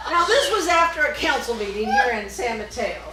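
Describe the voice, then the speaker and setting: A middle-aged woman performing a storytelling comedy set, often laughing at her own story and shouting out other people's lines. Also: a little high, big pitch swings, a little fast. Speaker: stand-up comedian. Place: small live music venue. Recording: echoey room, distant mic, faint noise.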